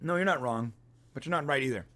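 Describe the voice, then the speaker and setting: A man's voice: medium pitch, quick pace, a bit bright. A man co-hosting a live review podcast, thinking aloud in an easygoing, casual way. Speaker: podcast co-host.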